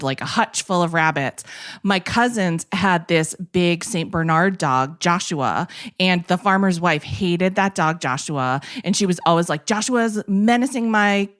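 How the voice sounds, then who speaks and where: A woman co-hosting a podcast, telling a long story in a casual, lively way and laughing as she goes. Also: lowish voice, clear, resonant tone. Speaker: podcast co-host. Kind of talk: casual chat, animated storytelling.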